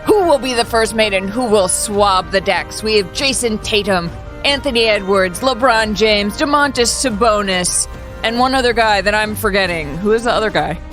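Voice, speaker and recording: A woman's voice: medium pitch, moderate pace, a bit bright, soft background music. Playful woman sports co-host. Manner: playful, jokey. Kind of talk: casual sports chat.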